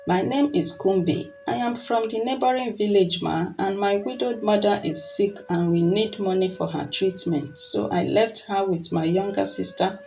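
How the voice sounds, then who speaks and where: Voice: medium pitch, moderate pace, creaky, hardly any pauses, a little mellow, lo-fi sound, soft background music, natural voice. A storyteller voicing a humble young princess in disguise, speaking in a shaky, deferential, pleading way.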